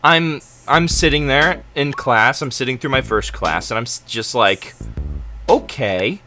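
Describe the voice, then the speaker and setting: A man's voice: mid-range voice, lively intonation, normal speed, pushed and bright, soft background music. A young man telling a story in an exasperated, dramatic and sarcastic rant. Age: young adult. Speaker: college student vlogger. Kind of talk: ranting storytelling vlog.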